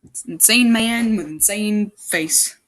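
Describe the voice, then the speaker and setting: A woman's voice: mid-range voice, measured pace. A woman casually reading a fan story aloud, often breaking off to joke, comment and correct her own mistakes. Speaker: amateur story reader.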